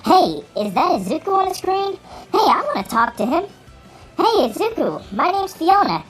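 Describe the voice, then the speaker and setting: A woman voicing an eager teenage girl who can turn into a dinosaur, talking in excited bursts over faint music. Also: very high voice, moderate pace.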